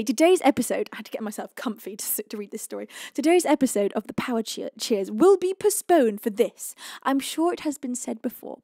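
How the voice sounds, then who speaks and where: Gushing high-voiced woman streamer. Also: vocal fry, dark tone, dry recording, studio quality. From United Kingdom. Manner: effusive, affectionate. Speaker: live-stream music host. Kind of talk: casual live-stream chat.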